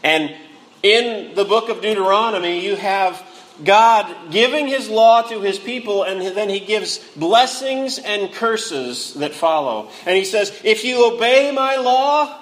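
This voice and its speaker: A man preaching a sermon, earnestly rising to anguished cries and then dropping low and quiet. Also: animated, measured pace, poor audio. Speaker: pastor.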